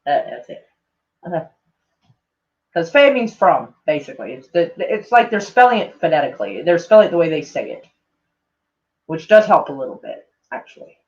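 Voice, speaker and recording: Deep and darkish in tone, a woman's voice swings widely in pitch as she speaks a little fast to her livestream audience. She rambles, jokes at her own expense and swears freely over dull lo-fi sound.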